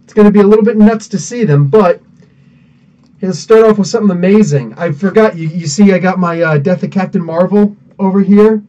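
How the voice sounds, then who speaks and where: A man's voice: high voice, brisk, dark tone. A man hosting a live podcast, chatting casually and rambling as he greets viewers by name. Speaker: podcast host. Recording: dull sound, mic somewhat distant.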